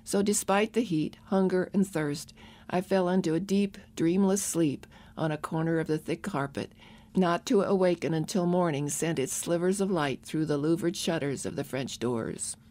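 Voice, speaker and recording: Woman, audiobook narration, measured, earnest, lowish pitch. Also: dark tone.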